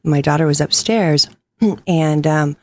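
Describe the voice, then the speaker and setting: A woman's voice: low-pitched, takes it slowly. A woman, a psychic medium and mother, telling personal stories earnestly in a casual podcast chat and laughing easily.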